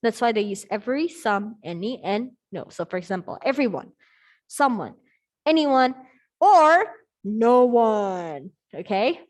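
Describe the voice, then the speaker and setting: A woman's voice: fairly high pitch, animated, unhurried. A woman teaching an English grammar lesson over a video call, upbeat, checking in with the class often. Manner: upbeat, checks in often with "okay?" and "all right?".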